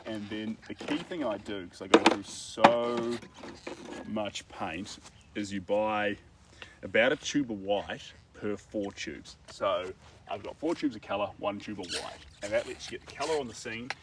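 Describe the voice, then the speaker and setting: A man's voice: fairly low pitch, unhurried, noisy background. A man with a New Zealand accent chatting casually and rambling with filler words while he paints. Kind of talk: casual chat. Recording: distant mic, faint outdoor ambience.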